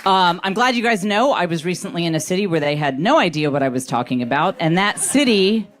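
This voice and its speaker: A middle-aged woman performing a stand-up comedy set, telling self-deprecating stories with animated delivery. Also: lowish voice, brisk, crowd noise, background noise.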